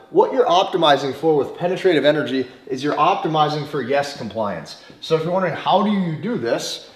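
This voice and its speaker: A man giving a forceful, repetitive dating lecture, swearing freely. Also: fairly high pitch. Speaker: dating coach. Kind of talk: motivational lecture to camera. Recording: roomy echo.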